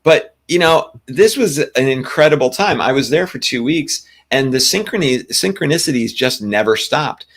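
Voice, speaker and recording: A man co-hosting a spiritual talk show, telling a long personal story in a casual, animated way, with frequent restarts. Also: medium pitch, normal speed, few pauses. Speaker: podcast co-host.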